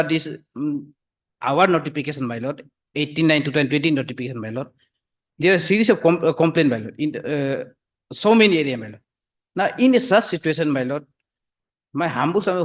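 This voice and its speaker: A male advocate argues his case in a courtroom, stumbling through fillers and restarts. His voice sits slightly high, and he keeps returning to a deferential "my lord.". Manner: hesitant, full of fillers, repeats "my lord" constantly. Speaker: advocate for the government. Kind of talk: courtroom argument.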